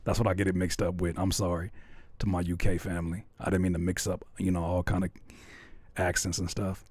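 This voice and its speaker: A young man, a rapper and producer, chatting loosely in slang while making a beat, playful and quick to laugh. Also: sits low, little pitch movement, a little mellow, husky, dry recording. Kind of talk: casual chat while making a beat live.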